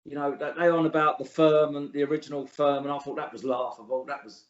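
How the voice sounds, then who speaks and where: A middle-aged man talks bluntly and scornfully in a slightly high voice, swearing freely as he laughs things off. The room echoes, and the recording sounds dull and lo-fi. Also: flat delivery, fast talker. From England. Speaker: interview guest, author. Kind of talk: casual interview chat.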